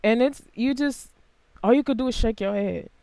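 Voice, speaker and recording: Tarot reader cussing thru a reading, loud one sec quiet the next, mid pitch, dead dry room. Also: normal speed, vocal fry, clear, resonant tone, no echo. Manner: blunt, profane, fired-up; big jumps in pitch and loudness. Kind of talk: casual tarot reading to camera.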